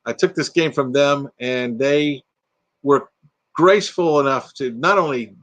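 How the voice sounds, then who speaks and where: This livestream host, an older man, talks a little slowly in a medium-pitched voice with a fairly bright tone. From his home room with a green screen, he holds a casual live chat, reading viewers' comments out loud and laughing frequently.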